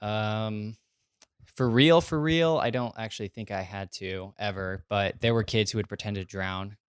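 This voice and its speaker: Young male co-host, low smooth voice, dry close sound, easygoing crude banter. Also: steady tone, moderate pace, dry recording. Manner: laid-back, crude joking banter. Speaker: podcast co-host. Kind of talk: casual chat.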